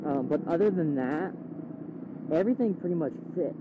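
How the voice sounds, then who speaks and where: A young man riding a motorcycle through town, chatting casually into a helmet mic, swearing freely and getting loud when he retells things. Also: on the high side, animated, moderate pace. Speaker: motovlogger. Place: outdoors on a motorcycle in town traffic. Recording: dull helmet mic, loud road noise. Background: engine and traffic noise.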